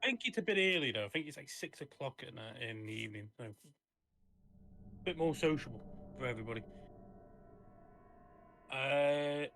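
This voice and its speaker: A man's voice: medium pitch, expressive, moderate pace, pauses often, a bit bright, a little hiss or hum. A man chatting casually and reassuringly with a friend during a game stream. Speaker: co-op guest player. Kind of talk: casual gaming stream chat.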